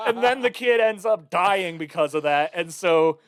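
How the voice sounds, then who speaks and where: A man's voice: expressive, moderate pace, no echo. Male podcast co-host, raunchy storyteller who yelps out quoted lines; dry studio sound. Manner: crude storytelling, acts out quotes in high yelps. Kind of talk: casual comedic chat.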